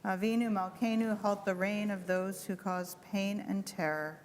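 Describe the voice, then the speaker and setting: A woman reads a responsive prayer in a measured, steady voice. A long sanctuary echo follows her words, and faint background noise sits underneath. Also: mid-range voice. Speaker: prayer reader. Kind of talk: responsive liturgical reading. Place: synagogue sanctuary.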